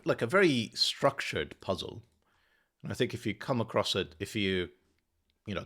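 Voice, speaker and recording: Man, deep voice, gravelly fry, methodical puzzle host, thinking aloud. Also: a bit bright. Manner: muttering, methodical, self-correcting. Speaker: sudoku solver and channel host.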